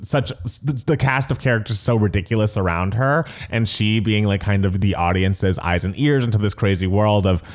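Chatty, giggly male podcast co-host, low-ish voice, casual gushing. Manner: chatty, giggly, quick to gush. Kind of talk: casual chat.

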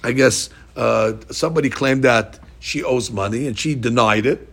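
Gravelly, husky man teaching Talmud. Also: mid-range voice. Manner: reads Aramaic slowly, explains in animated English. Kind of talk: Talmud class, reading and explaining.

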